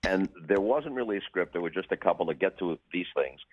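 An older broadcaster telling dry, wry anecdotes with deadpan punchlines as a radio show guest. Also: male voice, deep voice, fairly quick, no echo, phone-quality sound. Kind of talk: storytelling in a radio interview.

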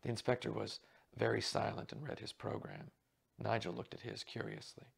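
A man quietly reading a mystery novel aloud as narrator. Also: fairly low pitch, flat delivery, normal speed, vocal fry, breathy edge. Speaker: reader.

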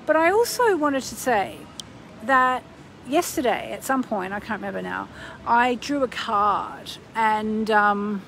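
A woman's voice: fairly high pitch, lively intonation, a little slow, a bit bright, a little hiss or hum, poor audio. A woman astrologer chatting on a live stream, rambling with many ums and breaking into bursts of gushing enthusiasm, recorded on a phone. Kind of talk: casual live-stream chat.

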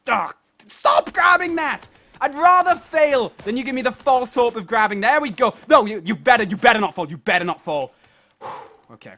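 A young man with a high, bright, forceful voice narrates his own gameplay. He curses nonstop and mutters to himself in constant frustration as he plays at home. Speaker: let's play host. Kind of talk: let's play commentary.

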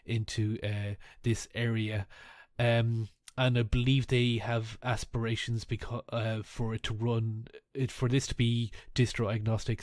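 A man co-hosting a podcast, chatting casually about software with frequent fillers and easy laughs. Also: fairly low pitch, dry recording. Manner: laughs easily, many fillers and restarts. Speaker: podcast co-host. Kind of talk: casual tech chat.

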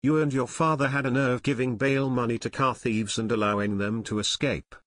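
A man's voice: mid-range voice, steady tone, a little fast, no echo, close to an everyday voice. A man playing a furious middle-aged townsman making accusations. His tone is hard and accusing. The recording is dry and close. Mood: angry. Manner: shouting, accusing. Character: angry middle-aged man, car stolen.

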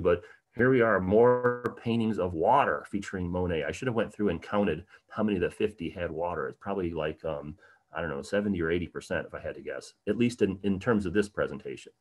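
This fairly low-voiced man is a tour guide hosting an online art talk over livestream. His conversational delivery is packed with fillers and side remarks, though he livens up at times to drive a point home.

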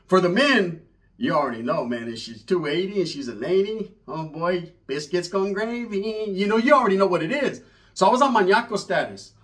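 A man telling a comic story in an animated, profane way, full of street slang and Spanish words. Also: high voice, brisk. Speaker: comedian storyteller.

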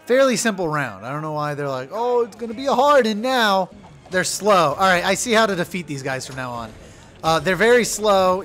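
A young man giving loud, profane let's play commentary, yelling at his game companion. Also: on the high side. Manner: excitable, swears loudly, yells at his companion. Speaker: gaming video creator.

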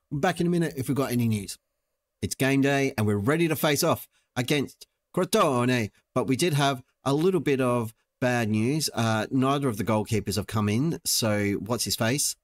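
A young man giving playful, joking let's-play commentary as a gaming channel host. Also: medium pitch. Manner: playful, jokey, talks to the screen.

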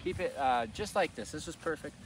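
A man working as a dog trainer outdoors, coaching a dog and explaining his steps, swooping into high sing-song praise. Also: lively intonation, a little fast. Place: outdoors in a rural field. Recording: distant mic with loud outdoor noise.

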